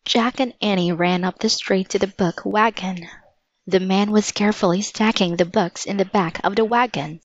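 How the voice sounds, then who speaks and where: A woman narrating a children's storybook aloud in a slow, even reading manner. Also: mid-range voice, dry recording. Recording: dull lo-fi dry recording.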